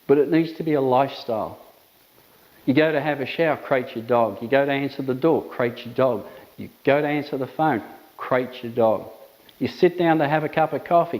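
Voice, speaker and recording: A man's voice: medium pitch, darkish tone, rough recording. A man, an emphatic dog trainer explaining methods with repetitive phrasing. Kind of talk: instructional talk to camera.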